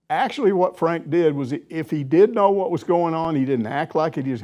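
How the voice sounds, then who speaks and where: Veteran male sports reporter, slightly high, very animated storyteller. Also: normal speed, hardly any pauses. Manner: animated storyteller, laughs through anecdotes. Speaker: sports reporter answering questions. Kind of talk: casual storytelling chat.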